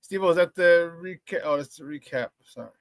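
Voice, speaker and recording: A man hosting a casual morning sports radio show, talking with energetic, slangy hype. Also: on the high side, fairly quick, clean tone, no echo, clean studio sound.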